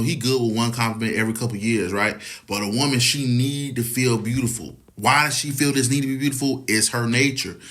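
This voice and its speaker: A man's voice: mid-range voice, pushed and bright. Man in a rambling, profane monologue. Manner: profane, rambling, keeps asking "you know what I'm saying". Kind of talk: casual opinion monologue.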